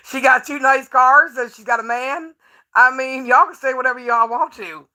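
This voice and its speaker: A woman's voice: high-pitched, pushed and bright. A woman livestreaming, talking casually to her chat in a brash, profane and taunting way, laughing often as she talks.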